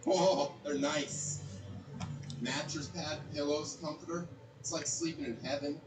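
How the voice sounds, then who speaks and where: A man doing stand-up, delivering dry deadpan one-liners. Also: on the high side, measured pace, echoey room, distant mic, background noise. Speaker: stand-up comedian. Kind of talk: stand-up set.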